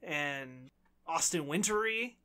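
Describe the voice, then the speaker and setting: A man's voice: on the high side, expressive, takes it slowly, pushed and bright. A man co-hosting a video game podcast, chatting casually in a playful, teasing, argumentative way. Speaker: podcast co-host. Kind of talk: casual chat.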